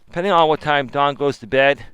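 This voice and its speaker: A man's voice: a little high, brisk, smooth, dry recording, dull audio. A man hosting a casual live stream as a life coach, talking emphatically to his viewers while walking with his phone. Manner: animated, emphatic, talks to chat viewers. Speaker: life coach and livestream host.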